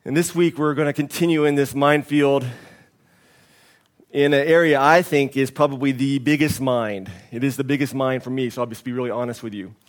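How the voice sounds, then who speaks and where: A man's voice: mid-range voice, fairly even intonation, a little fast. A male pastor preaching a sermon, telling a story with candid, humorous asides.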